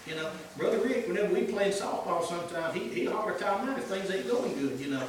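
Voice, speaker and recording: A man's voice: sits high, sing-song, brisk. Folksy man preaching in an echoey room. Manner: earnest and folksy, swinging between hushed and emphatic. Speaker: church teacher. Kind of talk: informal sermon. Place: church classroom. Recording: echoey room from far off with noise.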